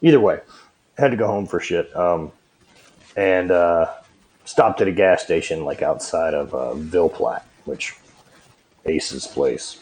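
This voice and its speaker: Low-voiced man from southwest Louisiana. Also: unhurried, pauses often. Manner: relaxed, swears a lot. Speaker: podcast host. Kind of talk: casual chat.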